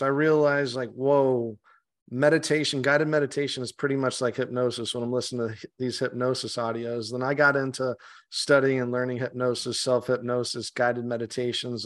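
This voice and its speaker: A man talks in an easygoing, conversational way as a podcast guest. He speaks at a medium pitch, swears freely and often stumbles and restarts mid-sentence. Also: little pitch movement, normal speed. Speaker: meditation guide guest. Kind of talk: casual interview chat.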